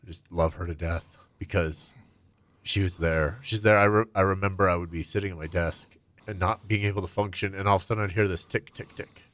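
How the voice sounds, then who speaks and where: Deep-voiced man telling a painful story. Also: fairly even intonation, fairly quick, no echo. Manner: open, reflective, often trails off into a soft low voice. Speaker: guest. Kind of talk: candid personal storytelling.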